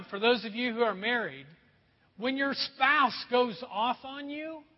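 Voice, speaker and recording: A man preaching a lively sermon as a pastor, acting out quick voices for laughs. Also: very high voice, breathy edge. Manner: animated, acts out voices for laughs. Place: church sanctuary. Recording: echoey hall, dull sound.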